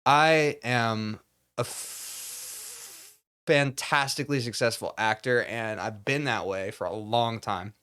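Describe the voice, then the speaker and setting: A man's voice: mid-range voice, slow, pushed and bright, clean tone. Self-important comedic actor type, male, rambling satirical monologue, pompous delivery. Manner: mock-pompous, rambling, demonstrates overwrought acting bits. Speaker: comedy YouTuber.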